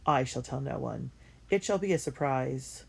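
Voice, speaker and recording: Gravelly-voiced woman reading a diary. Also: very deep voice, moderate pace, darkish tone. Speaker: audiobook reader. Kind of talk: first-person diary reading.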